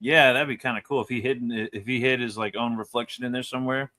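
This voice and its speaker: A man reviewing comic books in casual chat, animated and rambling, laughing often as he talks. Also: mid-range voice, fast.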